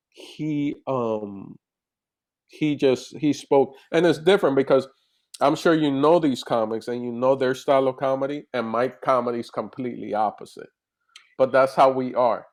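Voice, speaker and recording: A man, a comedian, chatting casually in an interview over a video call, animated and rambling with restarts. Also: medium pitch, unhurried. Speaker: comedian guest.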